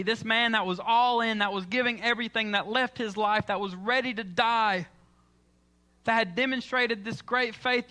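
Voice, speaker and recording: A man's voice: very high voice, steady tone, normal speed, pushed and bright, smooth. A man preaching a sermon in church, telling the story with dramatic, acted-out lines. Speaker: pastor.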